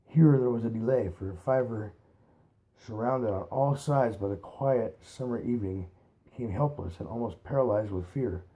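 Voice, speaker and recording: A man reads a novel aloud in a relaxed, amateur way, backing up to correct his stumbles. His voice is mellow and warm, at a middle pitch for a man. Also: moderate pace. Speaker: reader.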